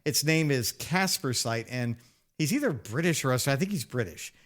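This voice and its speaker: Man, podcast co-host, casual chat, playful, sarcastic, restarts words, average pitch. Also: lively intonation, fairly quick.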